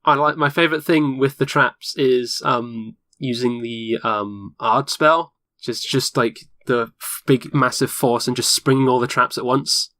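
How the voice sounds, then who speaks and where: A man's voice: mid-range voice, measured pace, few pauses, sharp tone, no room sound. Podcast guy explaining stuff eagerly, dry mic, mid voice. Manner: enthusiastic, explains at length. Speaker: podcast co-host. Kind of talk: casual chat about a video game.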